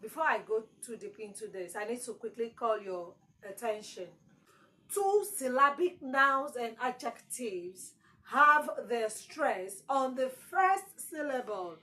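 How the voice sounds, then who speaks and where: A woman's voice: on the high side, expressive, slow, pushed and bright, poor audio. A woman teaching exam prep, repeating key words with strong emphasis. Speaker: English teacher.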